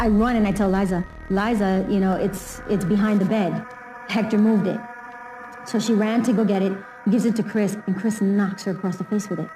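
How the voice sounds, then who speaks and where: A woman's voice: medium pitch, mellow, low-quality recording. A woman recounting a family memory in a candid documentary interview, telling it with emotion and animation.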